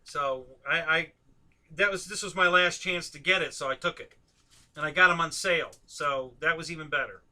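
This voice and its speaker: A man with a high, very bright voice hosts a relaxed live stream conversation. He talks in a loose, chatty way, often laughing and tossing questions to the people he is talking with. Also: normal speed. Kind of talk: casual chat on a live stream.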